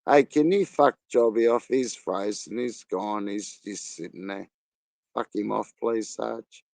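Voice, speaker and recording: A man's voice: on the low side, measured pace, vocal fry, darkish tone, no echo. A man with an Australian accent hosting a casual live chat, crude and rambling, laughing often. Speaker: live stream host.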